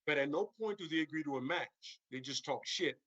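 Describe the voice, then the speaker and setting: A man's voice: fairly high pitch, lively intonation, a little fast, a bit bright, no room sound, highs cut off. A man hosting a stream, rambling casually about wrestling storylines and tagging sentences with "right?" and "you know what I'm saying?". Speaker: stream host.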